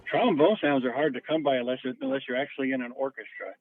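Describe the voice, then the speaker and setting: A man speaking casually in an interview, halting and repeating words as he talks. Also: medium pitch, over music. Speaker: interviewee, theater producer. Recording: dull dry lo-fi audio.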